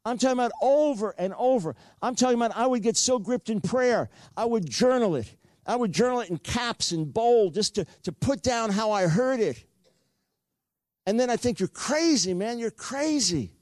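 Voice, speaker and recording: A man's voice: very high voice, lively intonation, moderate pace, darkish tone, dry recording, studio quality. An older man preaching a sermon, telling a personal story earnestly and repeating words for emphasis.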